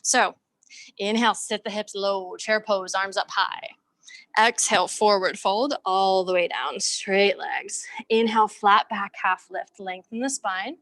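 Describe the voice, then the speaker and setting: A young adult woman teaching a yoga class over a video call, giving calm, steady breath and movement cues. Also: medium pitch, measured pace, low-quality recording. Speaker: yoga instructor. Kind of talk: live-cued yoga class.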